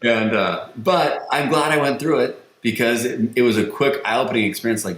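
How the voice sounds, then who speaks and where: A man who works as a sales coach, talking as a podcast guest in a lively storytelling way and acting out the quotes he tells. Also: medium pitch, moderate pace. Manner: energetic storyteller, acts out quotes. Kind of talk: conversational interview. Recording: roomy echo.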